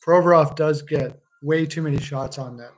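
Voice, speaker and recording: A man's voice: on the high side, moderate pace, poor audio. A man chatting casually as he watches a hockey game on a live stream, joking, swearing and laughing often.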